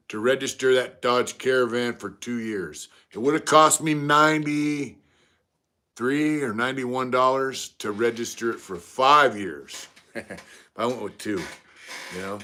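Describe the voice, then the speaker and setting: A man's voice: medium pitch, a little slow, pushed and bright. Laid-back middle-aged man. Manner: laid-back, greets viewers by name between stories. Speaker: live stream host. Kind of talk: casual live-stream chat.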